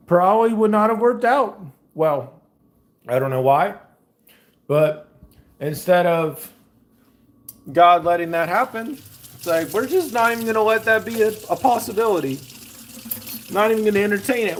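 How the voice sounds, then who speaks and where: A man's voice: high-pitched, a little hiss or hum. A young man chatting casually in a rambling vlog while he fixes food in his kitchen, filming on a phone held in one hand. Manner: loose, rambling, talks while fixing food. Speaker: faith vlogger. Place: home kitchen.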